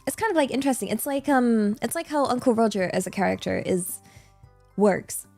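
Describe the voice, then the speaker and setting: A woman chats loosely with her stream, her voice sitting a little high as she wanders between thoughts, filling gaps with ums and quick giggles. Faint music plays underneath. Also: animated, gravelly, a little mellow. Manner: rambling, giggly, many fillers. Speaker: VTuber streamer. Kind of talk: casual livestream Q&A chat.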